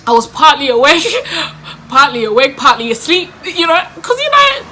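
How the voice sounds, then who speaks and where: A woman telling a story casually to camera, animated, often laughing and acting out what others said. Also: high-pitched, normal speed, slight background noise. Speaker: vlogger.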